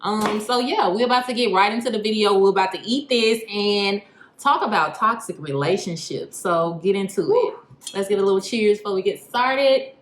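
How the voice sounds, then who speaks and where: A young woman hosts a casual chat over a meal, laughing and using slang as she eats. Her voice is mid-range at a normal speed, captured in a roomy home recording with faint noise.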